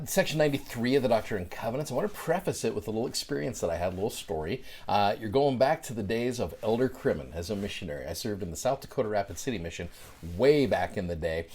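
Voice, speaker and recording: A middle-aged man tells a personal story as a show host, casual and animated, his fillers tumbling in as he goes. His voice sits a little low for a man. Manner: chatty, animated, many fillers. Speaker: podcast host.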